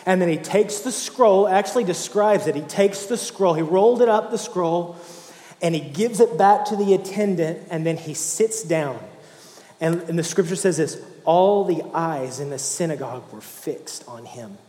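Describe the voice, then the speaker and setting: A man preaching a sermon, emotional, swinging from hushed, slow lines to fervent ones. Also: high-pitched. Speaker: pastor. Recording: echoey hall, roomy.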